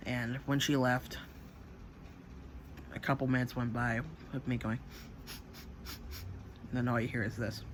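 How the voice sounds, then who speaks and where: A man's voice: mid-range voice, flat delivery, measured pace, pauses often, noisy background. A man casually telling a personal story, rambling with fillers, swearing and acting out what others said. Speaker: channel host.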